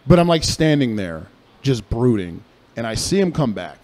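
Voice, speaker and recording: A young man co-hosting a casual radio chat, telling a story in a profane, animated way. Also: mid-range voice, moderate pace. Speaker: podcast co-host.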